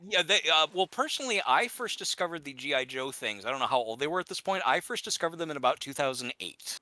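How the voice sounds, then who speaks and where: A man's voice: fairly high pitch, expressive, fast talker, sharp tone, dry recording, poor audio. A young man chatting casually with a friend while gaming, rambling, stumbling over his words and laughing often.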